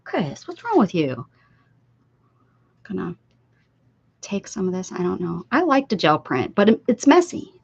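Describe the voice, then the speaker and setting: This older craft-stream host talks in a fairly low, husky, creaky voice with a sing-song, unhurried lilt and long pauses. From a desk in her home craft room she rambles amiably, reading the chat aloud and replying to viewers. The lo-fi sound is slightly dull, with no echo.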